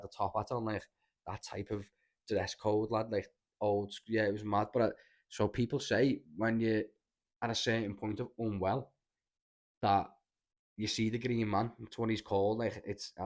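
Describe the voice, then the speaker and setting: A man's voice: lowish voice, a little mellow. A young Scouse man hosting a podcast, telling stories in a rambling, sweary way and calling everyone "lad". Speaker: podcast host. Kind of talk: casual storytelling chat.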